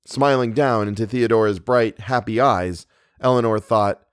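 Storybook narrator dude, measured reading, super dry mic. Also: male voice, fairly low pitch, clear, resonant tone, no room sound. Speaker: audiobook narrator. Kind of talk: scripted narration.

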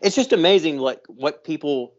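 A man's voice: fairly high pitch, big pitch swings, normal speed, dull audio. A man co-hosting a podcast in casual chat, telling stories with enthusiasm and frequent swearing. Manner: profane, enthusiastic storytelling. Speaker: podcast co-host.

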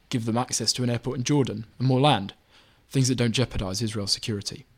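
A man reading his own magazine article aloud in measured, even scripted narration. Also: mid-range voice.

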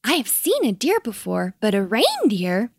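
A woman voicing Tiny, an excitable little male kiwi chick in a storybook, eager and bouncy. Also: a little high, normal speed, husky, no room sound, clean studio sound, heavily acted. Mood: excited.

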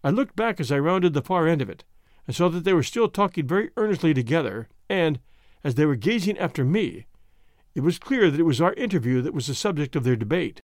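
A male narrator reading a story aloud with a very lively, varied delivery and a fairly high voice. The recording is close and dry, with no room sound. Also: brisk, dry recording. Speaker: audiobook narrator. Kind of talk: scripted narration.

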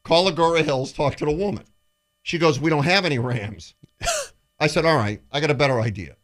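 A man's voice: a little high, lively intonation, brisk, a bit bright. A man co-hosting a sports radio show, telling a story in casual banter and acting out the people he quotes.

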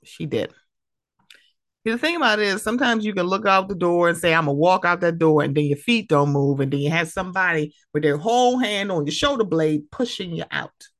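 A woman hosting her own podcast in a casual, animated, emotional way, laughing often. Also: on the low side, fairly quick, few pauses, dry recording, studio quality. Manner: animated, laughing, emotional, mimics friends' voices. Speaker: podcast host. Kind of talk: casual solo podcast talk.

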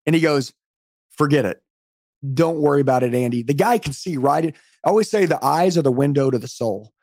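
Fired-up middle-aged guy on a podcast call, rapid fire talk, dry close sound. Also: a little high, a little mellow, no echo. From United States. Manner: fervent, motivational, emphatic. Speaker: podcast guest, sales trainer. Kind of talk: energetic storytelling on a podcast call. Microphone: remote call.

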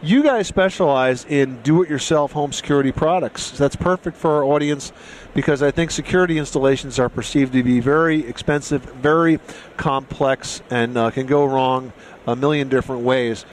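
A man hosting a home improvement radio show, presenting in a brisk, upbeat way. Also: mid-range voice, a little hiss or hum.

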